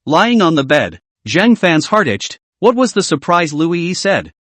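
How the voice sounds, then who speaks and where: A man narrating a story recap with a lively voice that swings up and down, pitched a little high for a man. The sound is dry and close, with no room echo. He reads in an animated way. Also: moderate pace, few pauses.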